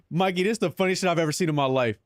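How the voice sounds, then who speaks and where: A man's voice: a little high, no room sound, studio quality. A young man streaming live, chatting casually, joking and swearing, often laughing at his own bits.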